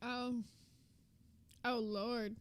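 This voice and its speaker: A woman's voice: a little high, flat delivery, extremely slow. A woman streamer giving mocking, profane reaction commentary with laughing asides.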